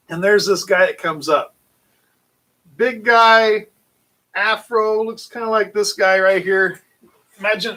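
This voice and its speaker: Man, high voice, casual storyteller, animated, rambling, lots of fillers. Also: poor audio. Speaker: channel host.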